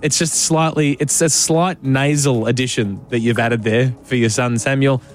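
A man's voice: mid-range voice, steady tone, normal speed, faint music behind. An Australian man hosting a radio show, playful and teasing a caller. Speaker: radio host. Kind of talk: breakfast radio banter.

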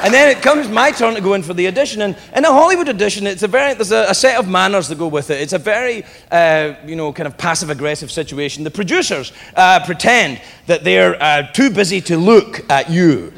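A male stand-up comedian telling stories on stage to a live audience, profane, animated and self-mocking. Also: sits high, brisk, gravelly, few pauses. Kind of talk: stand-up storytelling. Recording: reverberant hall with loud crowd laughter.

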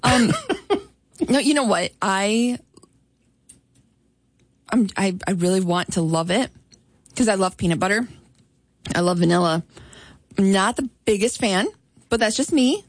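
A woman co-hosts a radio morning show with a teasing, playful manner, filling her talk with relaxed "ums." Her voice sits at a middle pitch. The studio recording is dry and close. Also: a little slow, pauses often, dry recording. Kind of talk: casual radio chat.

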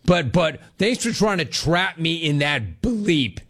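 A man hosting a sports talk show, riffing through opinionated commentary. His pitch swings widely as he slips into mocking impressions, and he laughs often. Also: sing-song, slow, fairly bright tone.

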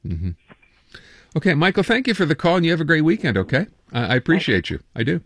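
A man's voice: fairly high pitch, big pitch swings, fast, dry recording. A man hosting a call-in radio show, chatting casually and reading listener texts aloud with amusement. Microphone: studio microphone.

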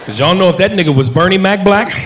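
A man's voice: sits high, animated, quick pace, fairly bright tone. Man doing stand-up in a roomy, noisy club. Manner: punchy, addresses the audience directly. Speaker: stand-up comedian. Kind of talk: stand-up routine. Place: comedy club stage with audience. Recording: roomy club with crowd noise.

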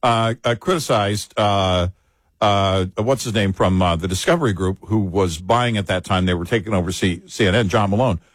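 A man's voice: lowish voice, dry recording. A man co-hosting a talk radio show in casual political chat, chiming in often and restarting his sentences. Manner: frequent agreeing interjections, halting restarts.

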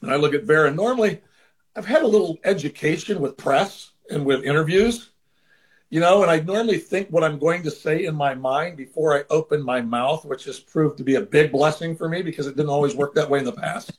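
This former baseball manager, a guest in a casual interview, talks fairly quickly in a voice on the high side. He earnestly relates a personal story and sometimes performs the voices of people in it.

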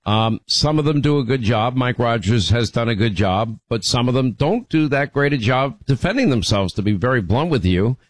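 A man's voice: mid-range voice, expressive, normal speed, hardly any pauses, no room sound, rough recording. A man hosting a call-in radio show, talking to callers in a conversational way and often restarting his sentences. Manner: conversational, repeats words when restarting. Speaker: radio talk show host. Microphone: studio microphone.

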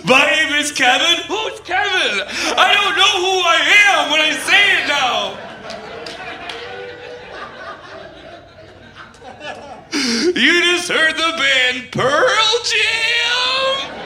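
A man playing a heartbroken male radio DJ who is shouting through tearful laughter on air. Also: very high voice, vocal fry, heavily acted. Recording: echoey room with loud ambience.

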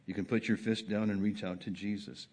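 A man preaching a sermon at a church service. He drops to a quiet, low murmur, then rises high and loud, and repeats words to drive each point home. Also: level tone, brisk. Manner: impassioned preaching, swings from soft to loud, repeats phrases for emphasis. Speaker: pastor.

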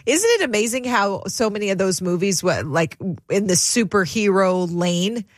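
A woman's voice: medium pitch, normal speed, no room sound, clean studio sound. A woman co-hosting a call-in radio talk show, introducing callers and reflecting on their stories. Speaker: radio co-host.

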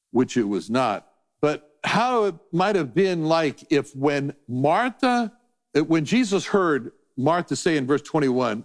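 A man giving a conversational sermon as a Bible teacher, telling stories animatedly and acting out voices. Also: a little high. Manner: animated storytelling, acts out voices.

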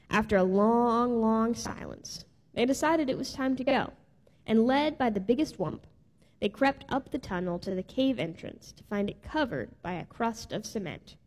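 Mellow woman reading a storybook. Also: a little high. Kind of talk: storybook read-aloud. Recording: reverberant hall.

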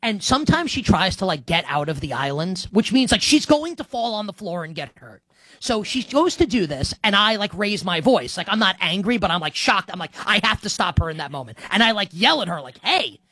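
A man's voice: high-pitched, big pitch swings, brisk, pushed and bright, no echo. A young man hosting a casual sports podcast, chatty and rambling, with lots of fillers and restarts. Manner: rambling, filler-heavy, self-deprecating. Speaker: podcast host.

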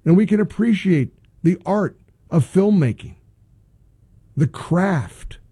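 A middle-aged male radio host, clearly fed up and ranting. His voice sits high and swings widely up and down, with a slightly husky edge. The sound is close and dry. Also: slow pace, no room sound. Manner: exasperated, ranting, animated. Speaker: radio talk show host. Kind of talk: casual talk radio monologue.

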